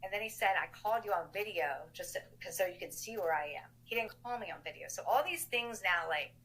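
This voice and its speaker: A woman, the older sister of a missing man, recounting events in an interview in an emphatic, animated way. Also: lowish voice, a little fast, low-quality recording.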